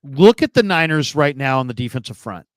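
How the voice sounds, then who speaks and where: A man's voice: medium pitch, lively intonation, fairly quick, no room sound. A man on a sports talk show giving his opinions casually, thinking aloud with frequent restarts. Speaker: sports podcast panelist.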